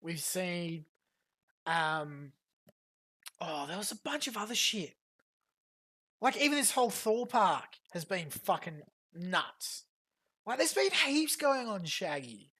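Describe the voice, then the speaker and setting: A woman's voice: fairly low pitch, sing-song, a bit bright, slightly rough. A woman streamer giving a profane, mocking reaction commentary to a clip. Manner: profane, fast mocking rants.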